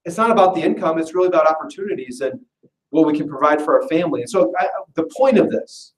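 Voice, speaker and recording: A business presenter at an info session gives a fast, casual sales pitch full of jokes to a live audience in a meeting room. He's chatty and self-deprecating, laughing often, and his voice sounds far from the mic with a roomy echo.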